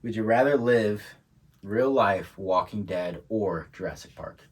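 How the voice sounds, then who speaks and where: A man's voice: lowish voice, a little slow, slightly rough. A man co-hosting a podcast, talking in a laid-back, casual way and laughing often. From England. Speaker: podcast co-host. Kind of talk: casual chat.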